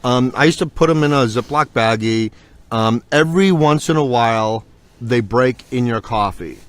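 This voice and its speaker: A man's voice: mid-range voice, normal speed, smooth. Laid-back man chatting about gear. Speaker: co-host. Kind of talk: casual product review chat.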